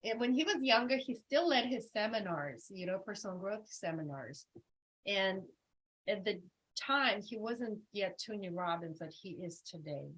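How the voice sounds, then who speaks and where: A woman's voice: mid-range voice, moderate pace, slight background noise, rough recording. A woman leading a motivational retreat workshop, emphatic and repetitive, telling stories with lots of energy. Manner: emphatic and repetitive, animated storytelling. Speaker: retreat coach.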